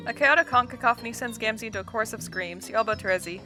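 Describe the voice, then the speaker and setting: A woman's voice: fairly high pitch, expressive, rapid-fire, hardly any pauses, bright, forceful tone, faint music behind. A woman hosting a let's-play, reading a visual novel aloud with casual, chatty commentary and laughing at the script.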